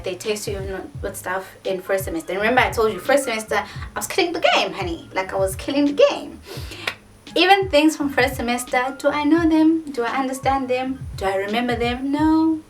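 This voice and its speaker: A South African woman in her twenties, a vlogger telling a story in a casual, animated way with lots of "like". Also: fairly high pitch. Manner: animated, dramatic retelling with many filler likes. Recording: distant mic with faint music.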